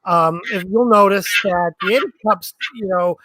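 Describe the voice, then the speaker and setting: A woman's voice: medium pitch, moderate pace, fairly bright tone, no room sound, rough recording. A woman in her forties co-hosting a live online tarot reading, teasing and playful as she reads cards. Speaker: co-host tarot reader.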